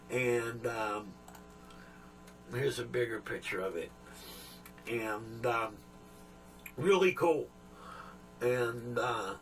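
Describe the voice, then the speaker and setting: A man's voice: mid-range voice, fairly bright tone. A man, chatting casually as a vlog host, rambling and joking with lots of fillers and asides. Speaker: channel host.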